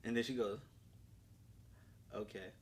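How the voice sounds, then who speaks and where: A young man hosting a casual podcast chat, telling animated stories and acting out his daughter's lines. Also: on the high side, quick pace. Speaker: podcast host.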